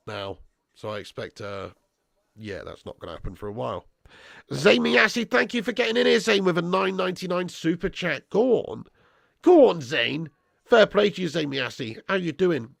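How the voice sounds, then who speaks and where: Man, young adult, football watch-along host, sweary banter, gravelly fry, dry close mic. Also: mid-range voice, no echo. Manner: swearing, banterous, calls viewers lad and bro. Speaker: watch-along streamer reading live chat.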